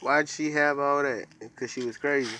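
A man's voice: mid-range voice, fairly even intonation, normal speed, bright, forceful tone, slight background noise. A man in his twenties chatting casually with a child on a vlog, playfully egging her on and echoing her answers. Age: 20s. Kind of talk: casual chat.

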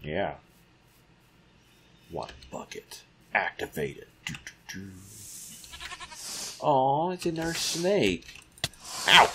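A man's voice: medium pitch, wildly swooping pitch, takes it slowly, long pauses, background noise. A man giving casual let's-play commentary, muttering to himself and taunting the creatures in the game. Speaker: gamer.

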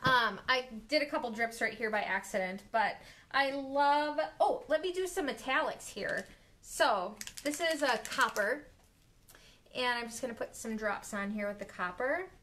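A woman who owns an art studio, excitedly demonstrating a craft technique on a live stream, gasping and delighting at the results. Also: on the high side, moderate pace, slight background noise. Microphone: phone or camera on live stream.

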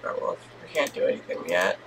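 A woman streamer giving excitable let's-play commentary, squealing and swearing as she reacts. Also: fairly quick, noisy background.

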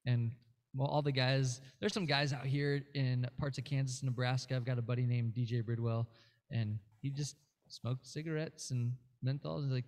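A man with a warm, mellow voice at an ordinary pitch, chatting as a guest musician. He tells long, winding stories and fills them with fillers and restarts as he goes. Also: steady tone, normal speed. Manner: rambling storyteller, many fillers and restarts. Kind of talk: casual interview chat.

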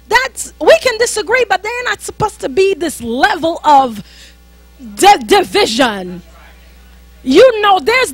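Very high-voiced woman minister preaching. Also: no room sound. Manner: emphatic, conversational preaching with repetition. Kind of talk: sermon.

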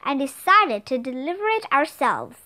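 A woman's voice: high-pitched, big pitch swings, normal speed, pushed and bright, exaggerated voice. A woman reading aloud and voicing a cheerful young boy sorcerer in a storybook, who speaks in a formal, old-fashioned way.

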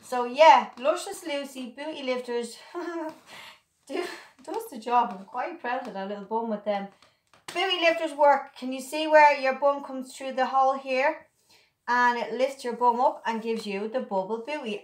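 A woman pitches her own product straight to camera in a breezy, playful chat. Her voice sits slightly high, and the room gives it a noticeable echo. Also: unhurried. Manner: chatty, playful and upbeat, addressing viewers as girls. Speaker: online seller demonstrating her product. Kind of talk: casual sales demonstration to camera. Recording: echoey room.

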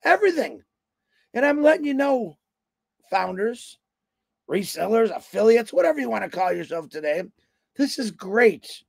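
A man in his fifties talks in a high, raspy voice with a lot of gravel. He rambles through a folksy motivational talk on a livestream and acts out the voices of the people in his stories. The sound is dry and close. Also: big pitch swings, moderate pace, long pauses, darkish tone, dry recording. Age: 50s. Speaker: motivational speaker on a company livestream.

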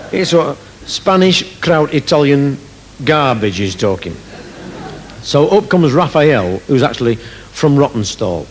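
A man's voice: medium pitch, background noise. A man doing stand-up comedy on a theatre stage, rambling through a story and laughing at his own jokes.

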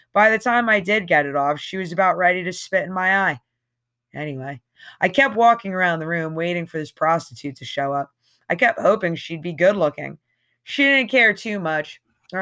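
A woman's voice: deep voice, fairly bright tone. Woman reading a novel aloud, casual. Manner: casual, conversational storytelling with occasional slips. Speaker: audiobook reader.

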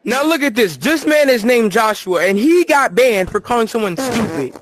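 A man's voice: extremely high pitch, lively intonation, normal speed, no room sound. A man hosting a joking mock interview with players in a game, crude and hammy, stumbling over his words, recorded on a headset mic.

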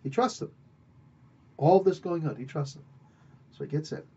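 Rambling man with a husky, mellow voice. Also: on the high side, lively intonation, normal speed, lo-fi sound. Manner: rambling, self-correcting, playful asides. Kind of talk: casual story recap.

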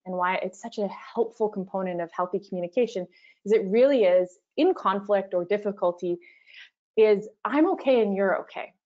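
Woman running an online workshop, talks casual, acts out little example replies, bit dull lo-fi sound. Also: medium pitch. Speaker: workshop facilitator.

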